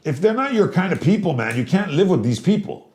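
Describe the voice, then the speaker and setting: A man's voice: high voice, sing-song, fairly quick, darkish tone. Profane, rambling man in an echoey room. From immigrant to Canada. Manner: loose, profane, rambling storytelling. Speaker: podcast co-host. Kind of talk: casual chat.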